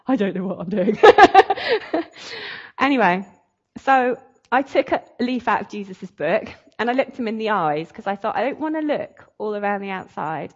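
A woman's voice: medium pitch, muffled recording. A woman telling a faith testimony in a chatty, emotional way, laughing often. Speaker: speaker sharing a testimony. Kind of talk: sermon testimony.

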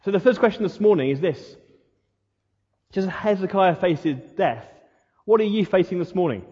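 A man's voice: high-pitched, animated, moderate pace, a little mellow, breathy edge. A male pastor giving a sermon in an earnest way, asking his listeners the same questions again and again. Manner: earnest, repeats rhetorical questions. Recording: muffled sound with long hall reverb.

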